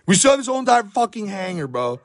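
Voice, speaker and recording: A young man with a hoarse, worn-out voice, frantically narrating a card pack opening at home, swearing and shouting in disbelief while filming on his phone. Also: sits high, very animated, fast. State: hoarse, voice shot. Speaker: sports card pack breaker. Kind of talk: hyped live pack-opening commentary. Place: at home by a table.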